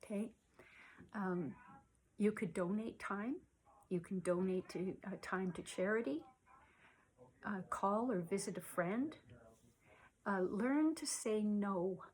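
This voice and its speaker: A woman giving gentle self-care advice in a soft-spoken way, often sinking to a near-whisper, with many pauses and fillers. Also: mid-range voice. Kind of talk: slow, gentle advice talk to camera.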